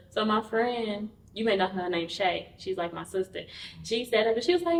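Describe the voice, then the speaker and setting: A woman guest telling a personal story in an interview. She talks candidly and acts out the quoted dialogue with lively energy. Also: mid-range voice, normal speed, slight background noise. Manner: candid, conversational. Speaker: podcast guest. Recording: roomy, mic at a distance.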